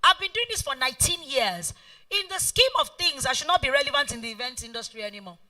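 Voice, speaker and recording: A middle-aged Nigerian-accented woman, an event planner appearing as a guest speaker, gives an emphatic motivational talk in a high, very bright, sing-song voice. She talks fast, leans on repeated phrases and swings widely in pitch, and she is heard from some distance from the mic.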